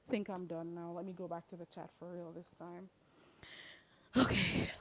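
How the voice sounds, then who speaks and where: A woman's voice: fairly low pitch, little pitch movement, normal speed, pauses often, slight background noise. A young Caribbean woman with a Jamaican accent, ranting at her live chat in a confrontational way and slipping into patois. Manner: confrontational, heated, slips into patois. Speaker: livestreamer. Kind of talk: livestream rant to chat.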